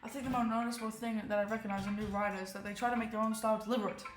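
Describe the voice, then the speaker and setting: A woman voicing a shy, articulate young woman in a literature club, soft-spoken and thoughtful as she reads a visual novel aloud. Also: on the high side, steady tone, very fast, close to an everyday voice. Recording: roomy, faint game music.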